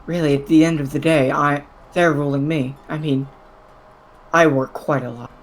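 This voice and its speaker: A game master voicing a wry, teasing middle-aged female ruler in a tabletop role-play, dry and unhurried. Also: mid-range voice, fairly even intonation, a little hiss or hum, lightly acted, low-quality recording. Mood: musing.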